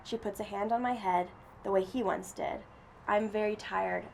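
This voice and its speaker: Female story reader, earnest and steady, gravelly tone. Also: mid-range voice, normal speed, slight background noise. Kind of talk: first-person story reading.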